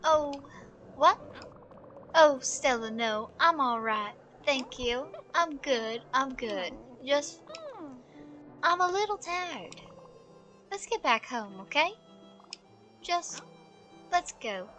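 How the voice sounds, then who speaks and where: A woman voicing a gentle, tired elderly woman in a video game, speaking softly and slowly with trailing phrases. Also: high voice, lively intonation, soft background music, heavily acted. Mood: weary. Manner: soft, slow and weary, with trailing phrases.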